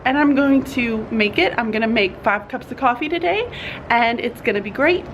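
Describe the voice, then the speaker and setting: Woman, teacher, tired, chatty, higher voice, faint hiss behind. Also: expressive, moderate pace. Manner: chatty and earnest, says y'all, laughs often. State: tired, yawning. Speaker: teacher vlogger. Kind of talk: casual morning vlog. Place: classroom.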